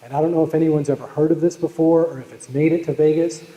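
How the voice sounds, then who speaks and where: A man's voice: a little high, fairly even intonation, fast, mellow. A man with a Boston accent giving a live keynote on sales, telling jokes and stories and calling out to the audience. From Boston, USA. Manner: joking, storytelling, talks to the audience. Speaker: keynote speaker. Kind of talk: live motivational sales talk. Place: large hall at a live event. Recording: echoey hall with long reverb.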